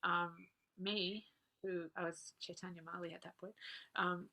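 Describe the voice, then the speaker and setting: A woman, earnestly recalling personal memories as a guest speaker, laughing softly now and then. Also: on the low side, little pitch movement, measured pace. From Australia. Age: 40s. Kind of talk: personal reminiscence talk.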